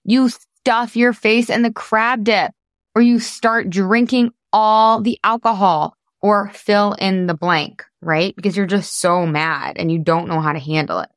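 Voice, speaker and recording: A woman's voice: medium pitch, unhurried, no echo, clean studio sound. Candid, chatty woman podcast host. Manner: chatty, candid, swears casually, laughs often. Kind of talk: casual coaching monologue.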